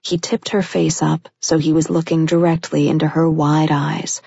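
A woman narrating a romance audiobook in an even, steady storytelling manner. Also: low-pitched, moderate pace, gravelly, husky, no room sound. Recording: dull, lo-fi dry recording.

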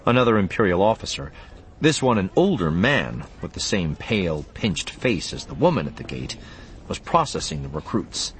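A man's voice: deep voice, sing-song, normal speed. A man narrating an audiobook expressively, voicing the character lines too.

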